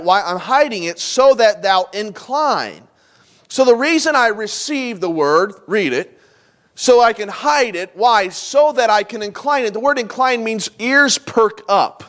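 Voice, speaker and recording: A pastor preaching a sermon in a church sanctuary, talking conversationally and pausing for emphasis. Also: male voice, high-pitched, fairly bright tone.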